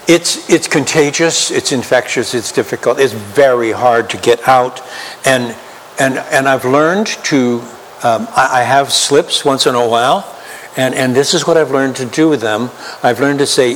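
A man preaching a sermon as pastor, emphatic and slow, asking the congregation rhetorical questions. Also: mid-range voice. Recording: long hall reverb, faint room noise.

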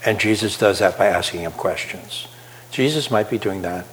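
A man's voice: on the low side, normal speed, big-room sound, low-quality recording. A man preaching a sermon, asking his listeners questions as he explains a Bible passage. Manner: animated, asks the audience questions.

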